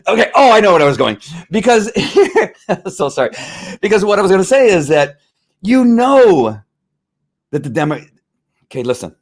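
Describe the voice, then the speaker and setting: A man's voice: sits high, big pitch swings, normal speed, long pauses. Fired-up male podcast host. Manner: fired-up, rambling, with frequent restarts. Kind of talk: heated political commentary.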